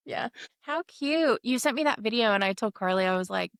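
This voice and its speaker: A woman's voice: a little high, brisk, no echo, studio quality. A young woman co-hosting a podcast from her apartment, chatting casually and telling stories with lots of laughs. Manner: giggly, animated storytelling. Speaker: podcast co-host. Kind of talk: casual chat.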